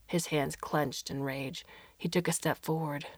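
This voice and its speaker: A woman's voice: low-pitched, steady tone, measured pace, husky, no echo. A woman narrating a story in audiobook style, reading expressively and shifting into voices for the characters.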